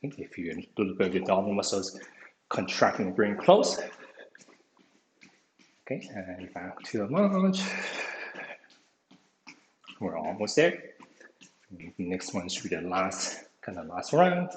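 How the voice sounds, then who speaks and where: A deep-voiced man runs a virtual exercise class, very animated yet a little slow, leaving long pauses. Slightly breathless, he keeps encouraging participants and saying "okay" over and over. The video-call audio carries room echo and faint noise.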